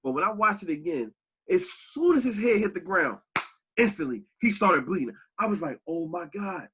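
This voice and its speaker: Animated, profane man on a podcast. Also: high-pitched, moderate pace, slight background noise. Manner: animated, profane, rises to shouts when angry. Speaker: podcast co-host. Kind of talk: heated casual podcast talk.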